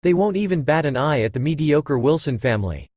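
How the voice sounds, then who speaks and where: A man's voice: fairly high pitch, expressive, a little fast, a little mellow, no echo, lo-fi sound. A man voicing an angry, proud middle-aged father in an audiobook, growling and chiding.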